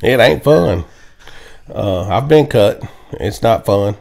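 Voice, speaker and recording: A man's voice: on the low side, animated, vocal fry, a little mellow. A man hosting a casual football chat, laughing often and telling stories. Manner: laid-back, laughs often, drawn-out stories. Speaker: podcast co-host. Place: home, indoors.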